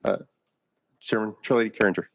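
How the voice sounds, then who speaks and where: A man's voice: on the low side, fast talker, gravelly, no echo. Man chairing a legislative hearing. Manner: procedural, plain-spoken with frequent fillers. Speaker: committee chairman.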